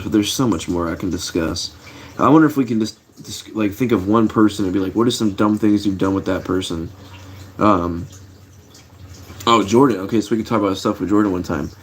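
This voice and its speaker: A middle-aged man with a slightly low voice talks to his live chat in a loose, rambling way. He tells stories with plenty of fillers and restarts. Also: moderate pace, pauses often, slight background noise. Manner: laid-back, rambling, many fillers and restarts. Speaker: livestream host. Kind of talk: casual storytelling to a live chat.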